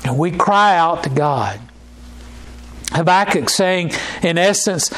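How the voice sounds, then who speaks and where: A man with a high, light voice delivers a sermon at an unhurried, deliberate pace. He reads scripture carefully, then preaches with fervent pleading and frequent restarts. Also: lively intonation, a bit bright.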